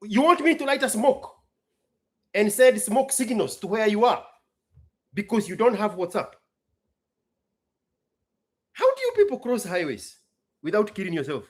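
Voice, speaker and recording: A man's voice: high-pitched, very animated, unhurried, long pauses. A man with a Kenyan accent hosting a show, ranting in exasperated, mocking rhetorical questions. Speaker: host. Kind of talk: ranting commentary.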